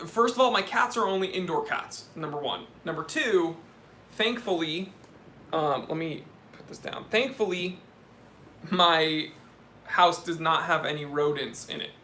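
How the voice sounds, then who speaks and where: A man's voice: a little high, unhurried, pushed and bright, reverberant, slight background noise. A young man hosting a casual live stream, answering chat questions in a chummy, laid-back way and calling people "dude". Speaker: watch channel host answering live chat.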